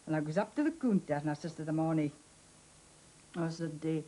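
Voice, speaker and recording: Woman telling a lively anecdote. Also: low-pitched, fairly quick, a little hiss or hum, poor audio. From Moray, Scotland. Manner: lively storyteller, acts out both sides of the conversation. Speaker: interviewee.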